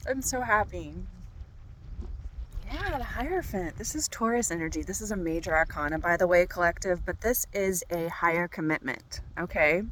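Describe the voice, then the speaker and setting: A woman's voice: fairly low pitch, expressive, normal speed, fairly bright tone, a little hiss or hum, low-quality recording. A woman tarot reader talking to her viewers outdoors on a walk, bubbly and gushing. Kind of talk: tarot reading vlog outdoors. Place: outdoors on a walk by a golf course.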